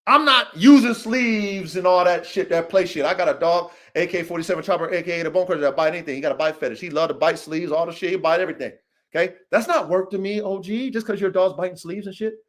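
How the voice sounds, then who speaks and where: A man hosting a dog podcast livestream, ranting in a confrontational, profane way, swinging from low muttering to raised shouting. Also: quick pace. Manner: confrontational, profane, repeats "OG" often. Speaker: podcast host and dog breeder. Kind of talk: heated livestream rant. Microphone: livestream mic.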